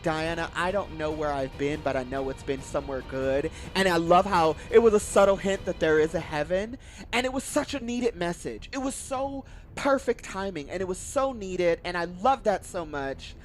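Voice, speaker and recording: A man giving a casual spoiler review of a film, effusive and gushing, repeating how much he loves each scene and acting out quoted lines. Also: high-pitched. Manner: acts out quoted movie lines. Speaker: YouTube movie reviewer.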